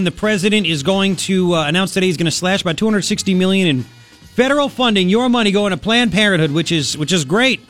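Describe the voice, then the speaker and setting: A man hosting a political talk radio show, combative and sarcastic, talking fast and loose with frequent asides. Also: high voice, fairly bright tone.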